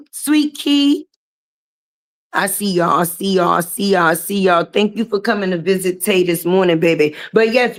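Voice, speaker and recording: A hoarse-voiced woman hosting a casual live stream from a garage, chatting and greeting viewers by name and calling them baby. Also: mid-range voice.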